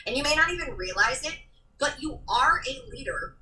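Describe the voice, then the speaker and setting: A woman guest on a podcast delivers a stirring motivational message, emotional and close to tears. Her voice is high and piercingly bright, and she sits somewhat away from the microphone. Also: expressive, moderate pace, distant mic, poor audio. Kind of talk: casual interview chat.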